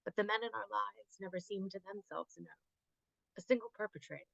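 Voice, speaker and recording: A woman reading her spoken word poetry at an online open mic, with a rhythmic, rhyming delivery and deliberate pauses. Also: medium pitch, fairly even intonation, gravelly, fairly bright tone, no room sound, highs cut off.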